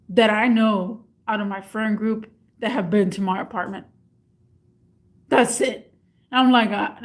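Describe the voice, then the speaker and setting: Lively young woman telling a story. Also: a little high. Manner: animated, acts out both sides of a phone call. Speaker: vlogger. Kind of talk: casual storytelling to camera.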